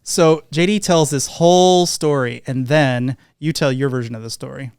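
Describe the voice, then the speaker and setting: In a clean, medium-pitched voice at a moderate pace, a podcast host tells a casual anecdote. He delivers it with animation and acts out the quotes. The recording is dry and studio quality.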